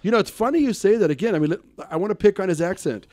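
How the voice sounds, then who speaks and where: A man in comedic radio banter, his voice a touch higher than usual and bouncing all over as he builds to a punchline. He teases and tells stories. The sound is dry and close. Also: expressive, racing, warm tone, no echo. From United States. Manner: teasing, storytelling with mimicked voices. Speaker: radio show co-host.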